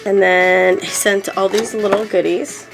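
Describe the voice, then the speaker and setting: A woman's voice: medium pitch, fairly even intonation, a little slow, gravelly, poor audio. Bubbly giggly woman chatting. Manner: bubbly and giggly, lots of 'like' fillers. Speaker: doll collector vlogger. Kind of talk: casual unboxing chat. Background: background music.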